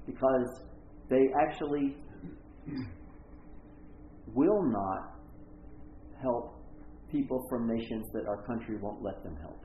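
A man's voice: mid-range voice, a little hiss or hum. An older man giving a loose, conversational church talk, often checking in with his listeners. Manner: chatty, keeps checking in with "right?". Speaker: church speaker. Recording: echoey room over a tinny phone-like line.

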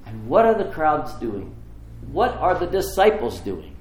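Animated male preacher in an echoey room. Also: fairly high pitch, a little slow. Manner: animated storytelling, acting out voices in the story. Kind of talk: sermon. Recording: echoey room with faint ambience.

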